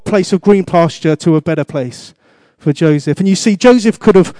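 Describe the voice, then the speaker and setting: A man's voice: high-pitched, moderate pace, mellow, no room sound, studio quality. A man preaching a sermon as pastor, asking the congregation questions and repeating his exhortations.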